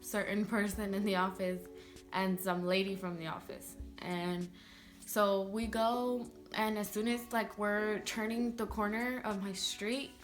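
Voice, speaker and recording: A woman's voice: mid-range voice, steady tone, unhurried, faint music behind. A young woman vlogger telling a personal story in a rambling way, full of "like" fillers. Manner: rambling, heavy use of "like" fillers.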